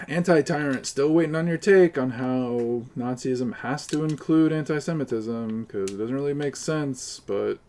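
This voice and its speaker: A man's voice: medium pitch, measured pace, a little mellow. A man streaming a game live, arguing with his chat and cursing at his teammates. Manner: profane, combative ranting at chat. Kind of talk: live gaming stream commentary.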